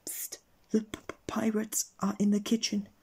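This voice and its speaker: Narrator doing a nervous wobbly guy who stammers, high and squeaky, husky. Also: monotone, moderate pace, a little mellow, exaggerated voice. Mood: whispering. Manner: stammering, panicky. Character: jittery, timid man, easily frightened.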